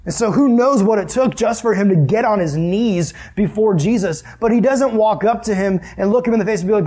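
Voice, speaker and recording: A man's voice: high-pitched, a little fast, hardly any pauses, warm tone, slightly rough. A young man preaching a sermon in an earnest, conversational way, asking the listeners questions.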